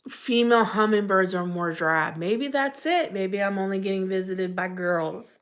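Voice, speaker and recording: A woman's voice: mid-range voice, normal speed. Chatty woman greeting livestream viewers. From Pennsylvania. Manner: chatty, greets viewers by name, laughs often. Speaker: livestream host reading chat. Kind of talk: casual livestream chat.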